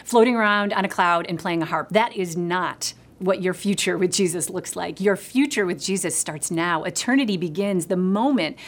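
A middle-aged woman preaching a sermon in an earnest voice, dropping to a soft hush when she speaks God's words. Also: fairly low pitch, normal speed, hardly any pauses.

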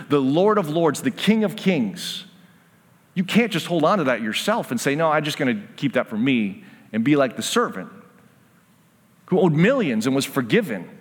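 A man's voice: a little high, breathy edge. A man preaching a sermon, earnest, acting out the voices of a parable as he tells it. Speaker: pastor. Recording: long hall reverb.

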